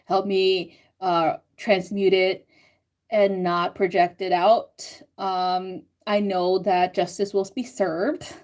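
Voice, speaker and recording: A young woman reading out live chat comments on a stream, chatting casually with frequent swearing, laughter and animated self-quotes. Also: medium pitch, takes it slowly. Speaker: astrology and tarot reader reading live chat.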